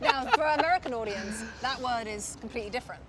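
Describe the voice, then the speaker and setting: A woman from England interviewing in a casual walking chat, eager and probing with quick affirmations. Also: on the high side, expressive, very noisy. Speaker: sports broadcaster and interviewer. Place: city park outdoors with traffic.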